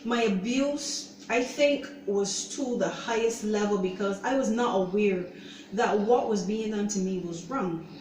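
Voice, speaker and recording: A woman hosting her own show, giving an earnest, halting personal testimony and often saying "you know". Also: mid-range voice, darkish tone, a little hiss or hum. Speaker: show host sharing her own story. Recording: roomy echo, voice distant from mic.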